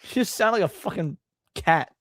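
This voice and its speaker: A man's voice: high voice, expressive, moderate pace, fairly bright tone, no echo, studio quality. Chatty male stream host. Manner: loose, rambling, stumbles over words. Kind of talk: casual livestream chat.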